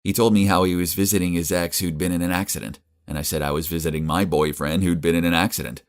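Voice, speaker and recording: A young man with a very low, deep voice tells an animated story in the first person. His narration is earnest and emotive, plainly scripted. He sounds young. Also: quick pace, smooth.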